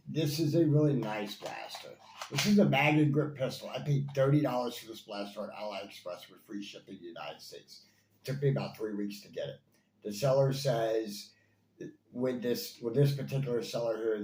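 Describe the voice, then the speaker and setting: Mid-range and a little mellow, this man's voice carries an excited, meandering review of toy blasters packed with fillers and repetition. The echoey room adds faint ambience and slight background noise.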